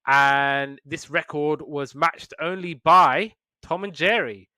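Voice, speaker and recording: A man hosting a podcast in casual chat, retelling cartoons with lively put-on voices. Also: on the high side, takes it slowly, no room sound, clean studio sound. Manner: animated storytelling with put-on voices. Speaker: podcast host.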